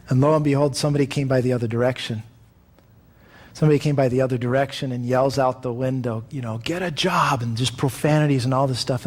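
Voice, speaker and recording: A man's voice: medium pitch, darkish tone. A man preaching a sermon in a conversational way, acting out the voices of the people he quotes. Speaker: pastor.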